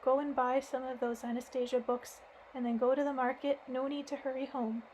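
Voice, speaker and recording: A woman's voice: high voice, flat delivery, fairly quick, darkish tone, a little hiss or hum, natural voice, rough recording. A woman voicing an elderly male philosophy professor who gives mild, reassuring instructions. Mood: calm, reassuring.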